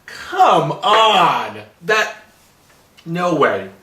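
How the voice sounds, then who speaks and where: A man's voice: on the high side, sing-song, extremely slow, pushed and bright. Man ranting sarcastically in an echoey room. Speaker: podcast host. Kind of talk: casual chat reviewing a movie. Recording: echoey room, mic set far off.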